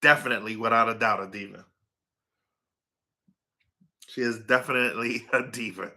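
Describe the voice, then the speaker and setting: A man chats loosely on a livestream, circling back over his words with plenty of "like" and "um" and breaking off to coo at his dog. His voice is very bright and sharp-edged, with a tense, forceful ring, at a middle pitch. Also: fairly even intonation, normal speed. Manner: rambling, filler-heavy, talks to his dog and chat. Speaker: livestream host. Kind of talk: casual livestream chat with viewers.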